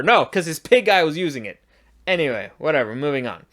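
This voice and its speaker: A man's voice: a little high, expressive, fast, fairly bright tone. Profane, rambling man ranting a review. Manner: rambling, profane, restarts often; exasperated, ranting. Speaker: show reviewer. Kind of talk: casual spoken review.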